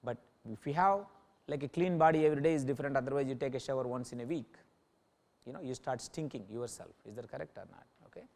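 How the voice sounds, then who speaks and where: A man's voice: medium pitch, fast, darkish tone. A male yoga teacher giving an informal talk to a class, often checking in with listeners by asking "Okay?". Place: yoga center in New Delhi.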